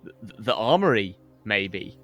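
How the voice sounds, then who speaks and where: A man's voice: on the low side, very animated, unhurried, a bit bright, faint music behind. Jokey man player at a game table. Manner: jokey, laughing asides. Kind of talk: casual tabletop role-play chat.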